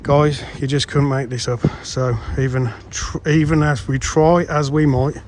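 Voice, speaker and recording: Speaking at medium pitch in a level tone and measured pace, this man vlogs his pond build from an outdoor building site, with music running underneath. He keeps up a chatty commentary while working, calling viewers guys, with a bit of mild swearing.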